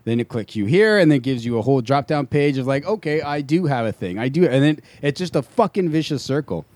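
A man's voice: mid-range voice, expressive, fairly quick, darkish tone, dry recording. A man telling a frustrated story in casual chat, swearing freely and acting out the quoted voices of the people involved.

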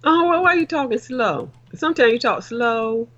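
Man doing a high fussy mom voice. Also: expressive, moderate pace, a bit bright, dull audio, heavily acted. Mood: fretting. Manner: repeats son's name, scolding and fretting. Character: fussy older mother nagging her son.

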